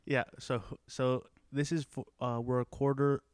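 Smooth-voiced man, playful and laughing. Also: medium pitch, little pitch movement, unhurried, dry recording, clean studio sound. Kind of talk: casual chat.

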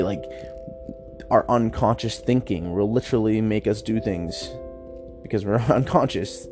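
A man hosting a casual podcast, talking through a self-help book in an upbeat, chatty way, with a slightly rough morning voice. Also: on the low side. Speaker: podcast host.

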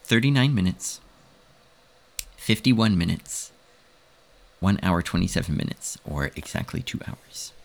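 A man with a low, gravelly voice hosts a relaxed podcast conversation. He reads quiz questions and answer choices at an unhurried pace, his voice rising and falling a lot, and he laughs often between questions. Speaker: podcast co-host, quizmaster. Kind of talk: casual chat, reading quiz questions.

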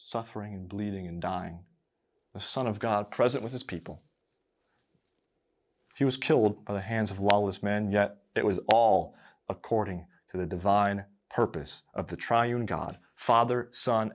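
A man preaching a sermon, building with rising emphasis on repeated phrases and dropping to quiet tenderness. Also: mid-range voice.

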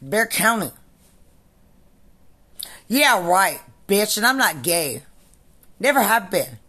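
Furious woman ranting with a lively voice. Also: medium pitch, slow, slightly rough. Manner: furious, profane and repetitive. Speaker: military veteran. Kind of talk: angry ranting monologue.

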